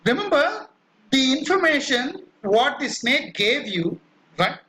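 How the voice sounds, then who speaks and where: A man's voice: very high-pitched, animated, slow pace, sharp tone, a little hiss or hum, rough recording. A man giving a classroom lecture, explaining step by step with many fillers and constant "right?" check-ins. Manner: acts out quoted cries.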